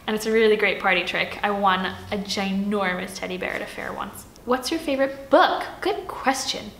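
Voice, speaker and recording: A woman's voice: medium pitch, flat delivery, normal speed, vocal fry, fairly bright tone, roomy sound, slight background noise, poor audio. A young adult woman from Switzerland chatting playfully through a Q&A tag video, with lots of "like" and filler words. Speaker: vlogger.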